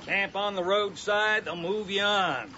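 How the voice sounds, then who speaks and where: A folksy Oklahoma ex-preacher who muses and drawls through his thoughts. His voice is high and bright, heard through a dull old film soundtrack with faint hiss. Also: measured pace, heavily acted. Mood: musing. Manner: drawling, musing.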